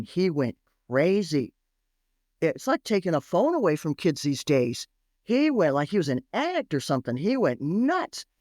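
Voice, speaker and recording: A middle-aged woman, a parenting expert, telling stories on a podcast in an animated, emphatic way that repeats phrases for effect. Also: low voice, no echo, studio quality. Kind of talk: storytelling podcast interview.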